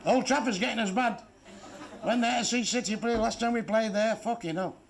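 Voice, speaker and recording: A man doing stand-up in a high, raised voice, firing off crude, profane jokes with blunt punchlines. The recording is noisy, taken live from a club stage. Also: a little fast, creaky, crowd noise. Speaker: stand-up comedian. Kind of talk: stand-up comedy routine. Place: club stage before a laughing audience.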